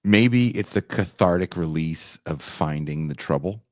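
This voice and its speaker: A man on a podcast telling a story casually, animated and profane, often leaping up in pitch for emphasis. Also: unhurried, no echo, clean studio sound. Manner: animated, profane, jumps into high voices for emphasis.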